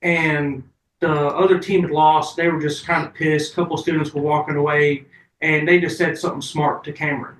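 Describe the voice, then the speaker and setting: A man's voice: a little high, level tone, normal speed, a bit bright, roomy sound, distant mic, poor audio. A man telling casual, profane stories as an interview guest.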